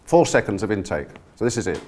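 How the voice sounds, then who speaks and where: A man leading a voice workshop, coaching a live audience through breathing exercises in an energetic, encouraging way. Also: on the low side, fast talker. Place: conference room with a live audience. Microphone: no handheld mic, projecting to the room.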